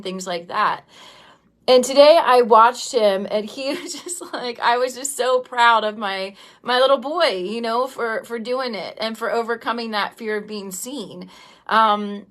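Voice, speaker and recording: Her voice is a little high and a bit bright. A business coach in her thirties hosts a livestream, tearful as she greets viewers by name, talking casually and from the heart. She rambles, and "um" and "like" fill her speech.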